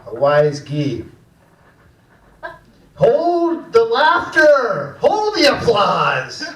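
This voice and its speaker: A man performing a slow, deadpan stand-up set in a small cafe room. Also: extremely high pitch, far from the mic. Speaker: stand-up comedian. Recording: echoey room, mic heard from afar.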